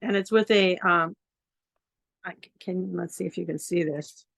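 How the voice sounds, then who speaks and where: A woman poet at an open mic, reading her own poems over a phone on a video call in an earnest, measured way, with casual chat in between. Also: lowish voice, vocal fry, a bit bright, dry recording.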